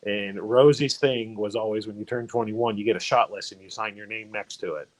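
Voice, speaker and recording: A man's voice: fairly low pitch, steady tone, a little fast, low-quality recording. Rambling man telling old stories. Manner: rambling, many fillers and restarts. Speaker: fraternity brother sharing memories. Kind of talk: casual storytelling.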